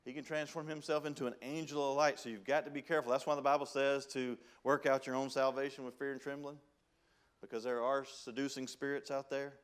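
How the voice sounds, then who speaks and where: A man preaching a sermon as pastor, with a Southern country accent, reading scripture in old-style wording and swinging between loud emphasis and hushed pleading. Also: mid-range voice. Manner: folksy preaching, reads King James scripture.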